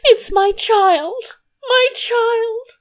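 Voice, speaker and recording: A woman voicing a tearful, quick-tempered queen, pitching her voice high and sharp as she sobs and snaps back. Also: big pitch swings, exaggerated voice. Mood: tearful, retorting. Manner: high, sobbing and sharp retorts. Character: weepy, shrill middle-aged queen, quick-tempered.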